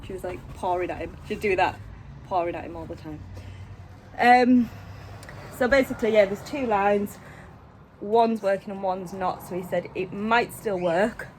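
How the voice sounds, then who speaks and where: A woman's voice: mid-range voice, moderate pace, darkish tone. British woman rambling casually at home, lots of ums, slight hiss in the background. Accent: British English. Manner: chatty, rambling, self-deprecating, lots of fillers. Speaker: vlogger. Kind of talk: casual home vlog chat. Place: at home indoors.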